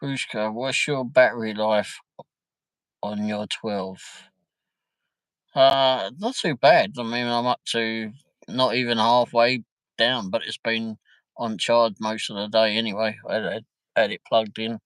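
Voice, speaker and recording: A man's voice: fairly low pitch, steady tone, measured pace, fairly bright tone, clean tone, no echo, poor audio. A man hosting a casual livestream from home, chatting and joking as he answers viewer comments. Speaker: livestream host. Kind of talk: casual live-stream chat.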